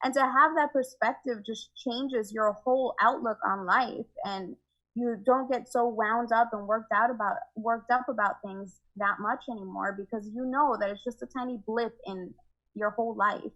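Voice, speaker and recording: A woman's voice: fairly high pitch, fairly even intonation, normal speed, fairly bright tone, muffled recording. A young woman talking openly about her relationship as a podcast guest, often laughing and acting out what she once said. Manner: candid, laughs often, acts out her own past words. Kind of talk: casual conversation.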